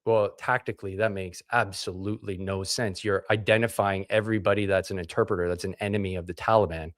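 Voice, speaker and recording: A low-pitched man with fairly even intonation talks fast in a dry, studio-quality recording. He's a Canadian veteran of the military under interview, telling his story bluntly, with swearing and acted-out dialogue.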